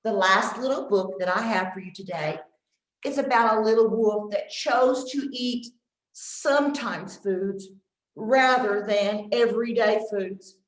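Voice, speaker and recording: A woman's voice: medium pitch, a little slow, roomy sound, rough recording. A woman leading a nutrition lesson for kindergarten children, speaking in an exaggerated teacher voice and having them repeat phrases after her. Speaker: extension nutrition educator.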